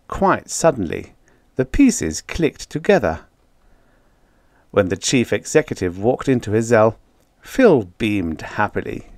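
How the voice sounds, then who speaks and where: A man narrating an old science fiction story with expressive, scripted delivery. His pitch moves a lot, and the recording is dry and close with no room sound. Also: no echo. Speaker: audiobook narrator.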